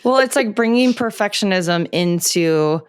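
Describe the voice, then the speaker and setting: A woman's voice: medium pitch, lively intonation, unhurried, clean tone, no echo, studio quality. A woman hosting a podcast interview, casual and supportive, often agreeing with her guest. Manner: supportive, frequent yeahs and mm-hmms. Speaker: podcast host.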